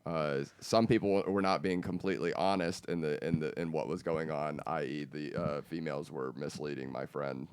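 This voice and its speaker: A man's voice: very deep voice, steady tone, normal speed, few pauses, smooth, dry recording. A man co-hosting a podcast, casually telling a rambling story with lots of stammers and restarts. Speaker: podcast co-host. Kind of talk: casual chat.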